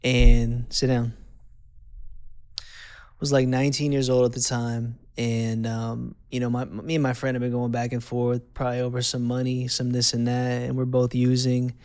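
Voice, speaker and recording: Gravelly, smooth-voiced man telling his story. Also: mid-range voice, completely flat delivery, normal speed, a little mellow, dry recording. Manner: candid, conversational, repeats phrases for emphasis. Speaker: host. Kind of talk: personal testimony.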